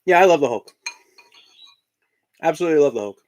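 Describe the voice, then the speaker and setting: A man's voice: on the high side, expressive, fairly quick, darkish tone. A man from Indiana hosting a casual live stream, chatting while he eats breakfast. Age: adult parent of young children. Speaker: live-stream host and collector.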